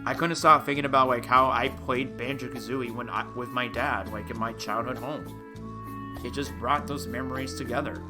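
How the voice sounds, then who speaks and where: Young male streamer, mid-pitched, emotional and rambling, chatty with his viewers, music playing underneath. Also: steady tone, normal speed. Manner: emotional, rambling, addresses chat as dude. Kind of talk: casual live-stream chat. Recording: clear music playing behind.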